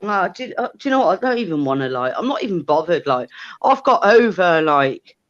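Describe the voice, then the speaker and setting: A woman's voice: fairly low pitch, very animated, brisk, no room sound. A woman arguing furiously on a live stream, swearing and hurling insults. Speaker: caller. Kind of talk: heated argument on a live stream. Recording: dull lo-fi audio.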